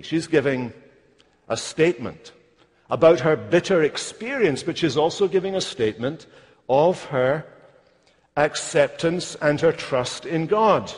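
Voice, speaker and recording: A man preaching a sermon, slow and emphatic, stressing key phrases. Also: fairly high pitch, darkish tone, husky. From Scotland. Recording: long hall reverb.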